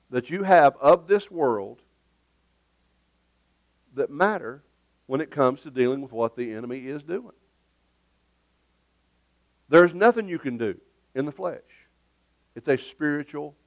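A man's voice: fairly high pitch, no room sound. A man preaching a sermon as pastor in a church, emphatic and conversational, with joking asides. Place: church sanctuary.

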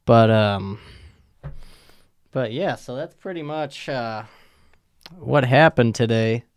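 A man's voice: medium pitch, takes it slowly, no room sound, studio quality. A young man hosting a podcast, telling a rambling story from work, swearing often and trailing off with ums. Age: young adult. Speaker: podcast host. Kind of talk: casual storytelling.

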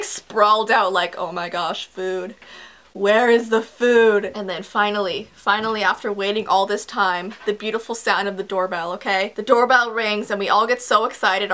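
A woman's voice: fairly high pitch, pushed and bright. A young woman from Canada telling a chatty, dramatic story time to camera at home. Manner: chatty, dramatic, playful asides. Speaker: vlogger. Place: home, indoors.

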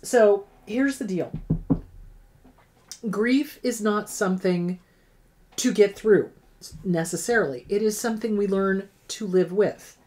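A woman's voice: medium pitch, takes it slowly, long pauses, a little mellow. Frank, emphatic middle-aged woman therapist. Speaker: therapist host answering viewer questions. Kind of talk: advice Q&A.

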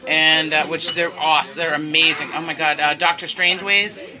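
High-voiced New man, rambling co-host, live in a noisy bar. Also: steady tone, normal speed. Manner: rambling, profane, lots of fillers. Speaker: co-host, former band singer. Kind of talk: casual bar podcast chat. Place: crowded bar, live show. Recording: live bar with loud crowd.

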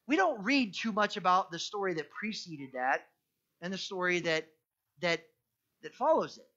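A man preaching a sermon as pastor, telling the story in a lively, conversational and jokey way, often restarting his sentences. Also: high-pitched, normal speed, muffled recording. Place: church.

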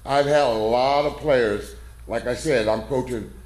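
A middle-aged man talks in a loose, folksy, self-deprecating way, wandering off into stories. His voice sits at an ordinary pitch. The sound carries the echo of a large church hall. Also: a little slow, a little mellow. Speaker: football coach speaking at a men's conference. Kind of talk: casual talk with a story. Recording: echoey room.

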